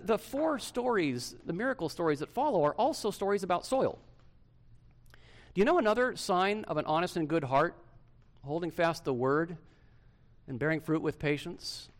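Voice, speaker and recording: A middle-aged male pastor with a fairly high pitch preaches a sermon to his congregation, swinging between loud emphasis and hushed softness.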